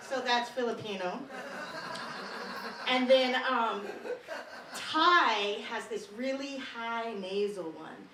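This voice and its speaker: At an open mic in a small performance studio, a young woman does a chatty stand-up bit, giggling through her lines. Her medium-pitched voice is expressive and fairly bright at a normal pace, picked up by a roomy, distant live mic with a little hiss or hum.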